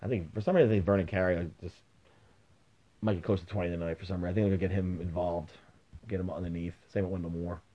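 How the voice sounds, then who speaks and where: On a dull lo-fi recording, a middle-aged sports podcast host chats casually, giving blunt opinions and swearing freely. He has a deep voice with fairly even intonation and a quick pace.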